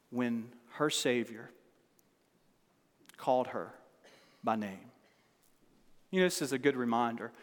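A man in his forties, a pastor giving an earnest sermon that builds to fervent emphasis through repeated rhetorical questions. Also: on the high side. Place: large church room with long reverb. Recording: long echoey hall reverb.

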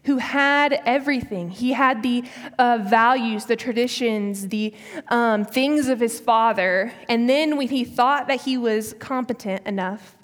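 A woman in her early twenties giving a sermon, telling a personal story in a chatty way with casual fillers. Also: a little high. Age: early 20s. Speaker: speaker. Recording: long hall reverb.

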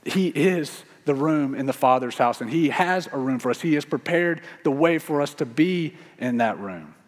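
A man's voice: on the high side, animated. Man preaching in a reverberant hall. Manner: earnest, slow preaching with repeated phrases. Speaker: pastor. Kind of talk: sermon. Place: church sanctuary. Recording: long reverb of a large hall.

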